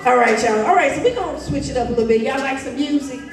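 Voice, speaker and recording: High-voiced woman hosting in an echoey hall. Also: expressive, fast talker. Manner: playful, teasing, calls on the crowd. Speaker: poetry slam host. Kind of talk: lively emcee banter with a preacher's flair. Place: school auditorium. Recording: echoey hall from far off, music behind.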